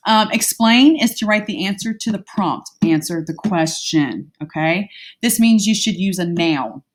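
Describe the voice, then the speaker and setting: A young woman, teaching an online exam review lesson from her home in a chatty way, talking straight to her students. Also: on the low side.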